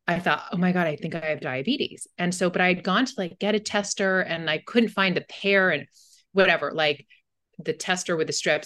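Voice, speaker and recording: Rambling, candid woman with a low voice. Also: fairly bright tone. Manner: candid, rambling storytelling with many fillers. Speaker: podcast co-host and anxiety coach. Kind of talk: casual podcast conversation.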